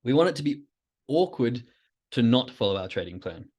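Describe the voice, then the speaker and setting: A man's voice: medium pitch, very animated, moderate pace, a little mellow. A man hosting his own podcast, talking through ideas in a rambling, reflective solo monologue with asides to himself. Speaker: podcast host.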